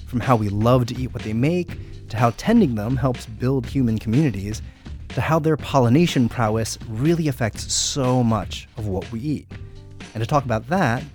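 A man hosting a radio food show, telling a story in an animated, lively way and interviewing a guest. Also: mid-range voice.

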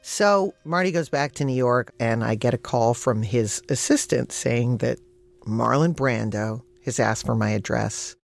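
A woman actor telling a personal anecdote in a lively storytelling manner, her voice leaping upward for emphasis and laughing through some lines. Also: very deep voice, unhurried, vocal fry, soft background music.

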